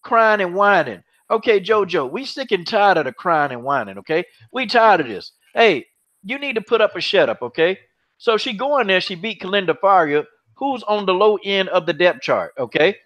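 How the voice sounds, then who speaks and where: A high-voiced man rants on a podcast, mocking and repetitive, swearing freely. The audio is dull and lo-fi. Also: moderate pace. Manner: animated, mocking, repeats himself, swears freely. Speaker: podcast host. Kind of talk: heated casual MMA chat.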